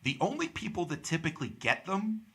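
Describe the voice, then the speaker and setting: A man's voice: a little high, sing-song, a little fast, a bit bright, slightly rough. A young man from Pittsburgh, hosting a podcast and telling a story in casual chat, acting out the people he quotes. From Pittsburgh, USA. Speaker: podcast host.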